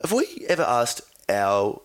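A man co-hosting a relaxed travel podcast, with a mid-pitched voice that swings up and down a lot. He teases his co-host and laughs easily. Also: measured pace. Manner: playful, teasing, laughs often. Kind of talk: casual travel podcast chat.

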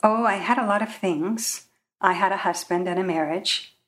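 A woman's voice: medium pitch, moderate pace, fairly bright tone. A woman, an author, reading from her personal memoir in a wry, reflective voice.

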